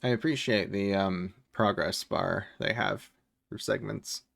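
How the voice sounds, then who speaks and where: A man with a low, gravelly voice talks casually on a live stream from home, rambling between topics and swearing freely. His voice is recorded dry and close, with no room sound around it. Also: unhurried, fairly bright tone, no echo. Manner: rambling, profane, chuckles often. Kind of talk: casual livestream chat.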